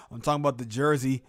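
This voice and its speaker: A young man hosting a casual sports show at home, rambling about a football game and greeting viewers in the chat. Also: mid-range voice. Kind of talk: casual live game reaction stream. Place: at home in a room with a closet.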